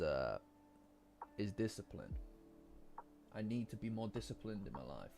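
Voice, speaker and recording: Low-voiced man chatting on a stream. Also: sing-song, a little slow, vocal fry, long pauses, warm tone. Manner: rambling, joking with chat, swears casually. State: lingering cough. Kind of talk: casual live-stream chat. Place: cold room at home. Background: faint lo-fi music.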